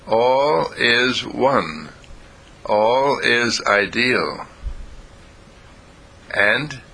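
A man giving a spiritual lecture, speaking in halting phrases with long pauses and repeating lines for emphasis. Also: on the low side, bright, forceful tone, breathy edge. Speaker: spiritual teacher.

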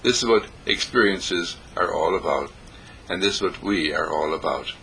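A man giving a spiritual meditation talk, gentle and repetitive, with sing-song emphasis. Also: sits low, normal speed, a little hiss or hum, low-quality recording. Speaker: spiritual teacher. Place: monastery breakfast table.

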